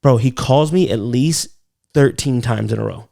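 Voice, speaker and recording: A man's voice: medium pitch, fairly even intonation, moderate pace, gravelly, warm tone. A man co-hosting a comedy podcast, telling loose, profane stories in casual chat. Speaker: podcast co-host.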